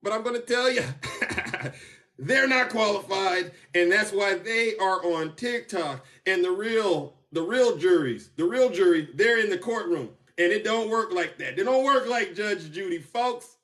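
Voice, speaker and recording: High, bright-voiced man ranting on a live. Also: a little slow, recorded from a distance. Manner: animated, teasing, bursts into laughter and whoops. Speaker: TikTok live host. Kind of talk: casual political commentary livestream. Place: car.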